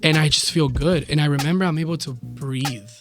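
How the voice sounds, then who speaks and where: A man with a fairly high voice recounts a personal testimony as a podcast guest. He talks loosely, with many fillers, and acts out the voices of people in his story. Music plays clearly behind him. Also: brisk. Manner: lively retelling with quoted voices; loose, filler-laden speech.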